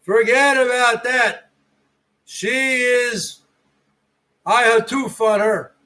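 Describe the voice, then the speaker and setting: A man's voice: very high-pitched, fairly even intonation, very slow, bright, forceful tone, poor audio. A man hosting a livestream, ranting and taunting his viewers and rivals with profanity in casual talk. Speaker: livestream host. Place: home garage.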